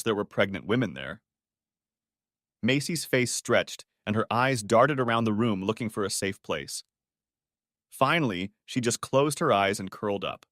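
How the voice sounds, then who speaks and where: A man telling a dramatic family story in the first person, his voice rising and falling with feeling. The sound is dry and close, with mid-range pitch that moves a great deal. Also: no room sound. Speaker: audiobook narrator.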